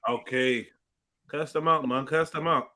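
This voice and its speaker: Bright-voiced British host. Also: male voice, medium pitch, fairly even intonation, a little slow. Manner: joking, teasing, street slang. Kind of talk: casual live-stream chat.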